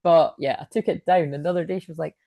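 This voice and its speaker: A woman's voice: low-pitched, fairly even intonation, quick pace, gravelly, warm tone, dry recording, studio quality. A young woman giving a casual, rambling oracle card reading, laughing often and swearing casually. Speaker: spiritual reader and coach.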